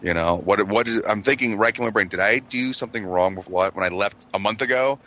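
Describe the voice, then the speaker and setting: A man's voice: brisk, sharp tone. A man chatting casually about his marriage, rambling and profane, full of "you know" fillers. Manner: mimics quoted people in a high squeal. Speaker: podcast co-host. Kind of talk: casual chat.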